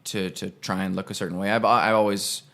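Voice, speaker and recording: A young man with a low, gravelly voice tells a personal story in a relaxed, casual way. He rambles and corrects himself as he goes. He slips into small voices when he quotes people. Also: brisk. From Canada. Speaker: actor and podcast guest.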